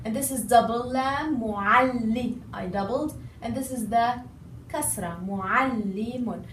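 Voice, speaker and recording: Slow, patient woman teacher in echoey room. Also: a little high, slight background noise. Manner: patient, repeats words slowly and stresses syllables. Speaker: language teacher. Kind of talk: recorded lesson explanation. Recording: echoey room, voice a bit far from mic.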